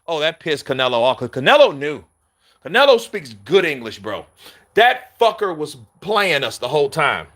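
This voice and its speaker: A male boxing commentator chatting casually, animated and profane, laughing often and addressing his viewers directly. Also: a little high, moderate pace, no room sound, studio quality. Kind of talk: casual chat.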